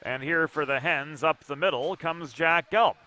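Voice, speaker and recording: A man calling youth hockey play-by-play from an arena, brisk and precise with dry asides. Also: fairly high pitch, bright, forceful tone. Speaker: play-by-play commentator. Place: ice arena broadcast position.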